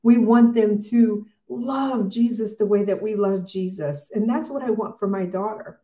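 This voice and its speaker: A woman's voice: medium pitch, unhurried, dark tone, reverberant. A middle-aged woman hosting a casual morning devotional livestream, talking in an emotional, rambling way with many fillers.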